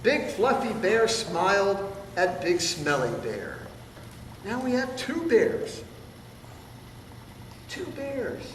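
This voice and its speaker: A man's voice: high voice, sing-song, slow, fairly bright tone. A man reading a picture book aloud to children in a playful way, pointing out the pictures. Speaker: storybook reader. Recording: distant, echoey hall with room noise.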